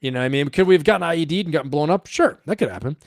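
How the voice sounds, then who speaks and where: A man's voice: a little high, expressive, racing, no echo, studio quality. A middle-aged man hosting a livestream, telling a story in a rambling, profane way and laughing often. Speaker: livestream host and coach.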